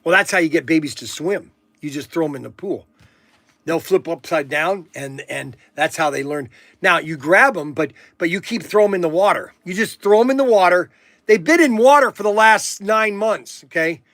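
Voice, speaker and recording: A middle-aged man with a high-pitched voice rambles through a casual livestream chat. He tells folksy stories with plenty of fillers and false starts. The sound is dry and close. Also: moderate pace, a bit bright, no echo. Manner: folksy storytelling with many fillers and restarts. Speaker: livestream host. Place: warehouse.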